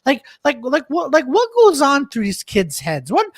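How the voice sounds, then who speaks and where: A man's voice: extremely high pitch, moderate pace, dry recording. Podcast co-host guy, swears a lot, blunt, dry close sound. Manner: blunt, profane, animated questioning. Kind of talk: casual talk show chat.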